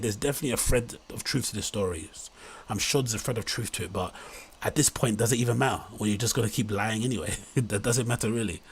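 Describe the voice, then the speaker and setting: Male host, husky voice, incredulous rambling reaction commentary. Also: fairly low pitch. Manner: incredulous, rambling, mock-enthusiastic.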